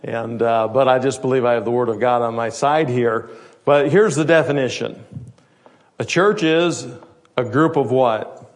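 Guy pastor preaching, mid-pitched voice, chatty, asks the room questions. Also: a little slow. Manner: conversational preaching with rhetorical questions. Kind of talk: sermon.

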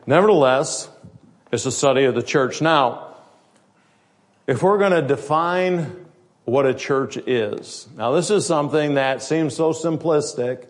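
Guy pastor preaching, mid-pitched voice, chatty, asks the room questions. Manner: conversational preaching with rhetorical questions. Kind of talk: sermon.

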